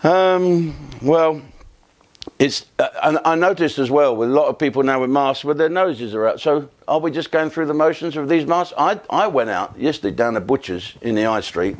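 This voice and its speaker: Bawdy male comedian. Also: medium pitch. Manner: bawdy, anecdotal, conversational. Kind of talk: rambling comic monologue.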